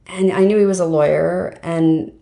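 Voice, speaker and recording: Middle-aged woman on a podcast, low voice with a lot of vocal fry, chatty storytelling. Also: steady tone, normal speed, mellow. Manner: chatty, story-driven, lots of "like" and "um". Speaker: podcast guest, fundraising professional. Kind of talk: casual interview storytelling.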